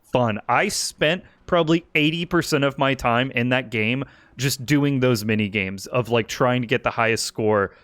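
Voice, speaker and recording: A man's voice: medium pitch, moderate pace, few pauses, fairly bright tone, dry recording. A man chatting casually while playing a game with a friend, laughing a lot, rambling and swearing. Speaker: gaming co-host. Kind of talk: casual gaming chat.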